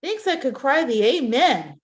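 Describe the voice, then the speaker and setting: A woman's voice: high-pitched, very animated, measured pace, highs cut off. Sir Thomas Lovell, a woman reading a loyal knight. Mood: earnest. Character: loyal courtier knight, earnest and dutiful. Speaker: reader in a play reading. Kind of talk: amateur Shakespeare reading.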